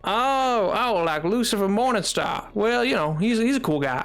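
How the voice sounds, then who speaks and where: A male streamer with a notably high voice talks loosely to his chat while playing, his sentences looping back and restarting as he goes. Quiet music plays faintly underneath him. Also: animated, moderate pace, vocal fry, clear, resonant tone. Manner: rambling, often restarts and reads chat aloud. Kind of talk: casual live-stream chat while gaming.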